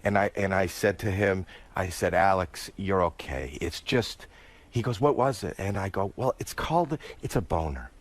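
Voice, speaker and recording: A male comedian telling a comic story, dropping his voice low for quoted lines and squealing when excited. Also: normal speed. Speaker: guest comedian.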